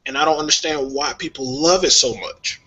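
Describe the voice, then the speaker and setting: Opinionated man with a bright voice. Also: on the high side, fairly quick. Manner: opinionated, animated, laughs often. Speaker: podcast co-host. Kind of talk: casual music talk. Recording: dull lo-fi sound.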